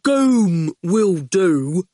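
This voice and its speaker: A woman voicing a big, dim-witted male goon who speaks in slow, clipped bursts. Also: on the low side, no room sound, clean studio sound, exaggerated voice. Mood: blunt. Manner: slow, flat, clipped speech.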